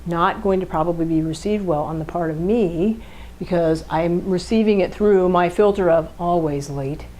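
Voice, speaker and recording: A woman co-hosting a podcast explains relationship communication conversationally, often checking in with rhetorical questions and acting out what partners say in a raised, animated voice. Her voice is on the low side at a normal speed. The recording is rough, with slight background noise.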